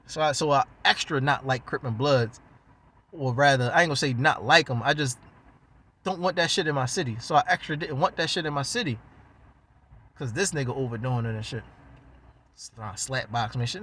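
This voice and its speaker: A man's voice: medium pitch, a little fast, bright, forceful tone. A man from West Baltimore with a Baltimore accent, telling a story in a casual, profane, slangy way and acting out other people's lines.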